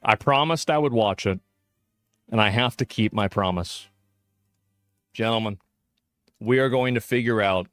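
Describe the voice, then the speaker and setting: A man's voice: fairly low pitch, unhurried, long pauses, fairly bright tone, no echo. A man talking casually on stream, making wry, dry remarks.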